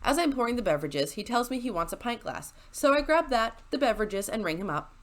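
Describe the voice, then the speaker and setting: This woman narrates a story into her desk microphone fast and very animatedly, her voice a little high. A YouTuber reading stories, she's chatty and sarcastic with asides and frequent laughs, and her chair squeaks at her home desk.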